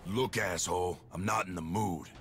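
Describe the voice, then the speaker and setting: An actor playing a big hostile dockworker who talks aggressively and threatens. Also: male voice, low-pitched, steady tone, moderate pace, faint music behind.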